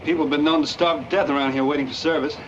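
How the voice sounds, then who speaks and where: An actor playing a bashful young college football player, in 1940s film acting. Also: male voice, fairly high pitch, fairly even intonation, racing, noisy background, natural voice. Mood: shy. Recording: dull old film soundtrack with music, off-mic.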